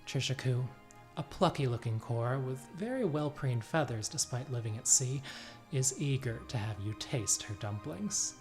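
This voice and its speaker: A man narrates a tabletop game as game master, telling the scene in a relaxed, descriptive way. His voice sits at an ordinary pitch for a man, with faint music playing behind him. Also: normal speed.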